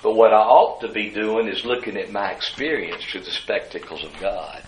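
A man preaching a sermon, moving between hushed asides and loud, high-pitched emphasis. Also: moderate pace, reverberant, slight background noise, poor audio. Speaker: pastor.

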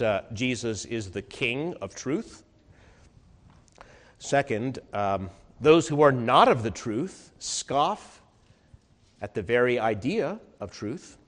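A man pastor delivering an earnest sermon to his congregation, his pitch and loudness swinging widely as he preaches. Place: warm, crowded church hall. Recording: reverberant hall.

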